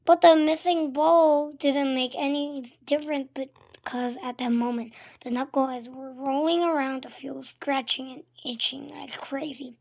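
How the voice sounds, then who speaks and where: Woman narrating a children's book read-aloud; expressive, often hushed, high voice with a gravelly edge. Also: measured pace. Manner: expressive, shifting between loud and hushed. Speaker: storybook reader.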